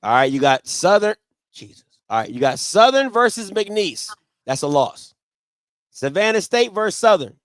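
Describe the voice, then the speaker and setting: A man's voice: high-pitched, very animated, normal speed, a bit bright, dry recording. A man hosting a sports talk show, debating football in an emphatic style and repeating his points.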